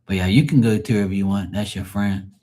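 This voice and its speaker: A man's voice: fairly low pitch, fairly quick, dark tone. A man doing a live tarot stream, ranting in a profane, mocking, rambling way to his chat.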